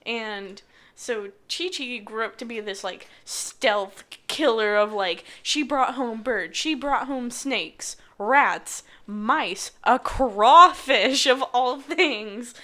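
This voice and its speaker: A woman's voice: fairly high pitch, slow, bright, forceful tone. A woman in her twenties hosting a podcast, telling stories in casual chat and giggling often. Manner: chatty storyteller, giggly. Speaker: podcast host.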